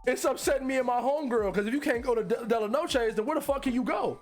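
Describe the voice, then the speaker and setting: High-voiced man ranting, laughing. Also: quick pace, soft background music. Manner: profane, incredulous, laughs often. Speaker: streamer reacting to online posts. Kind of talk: casual reaction commentary, reading posts aloud.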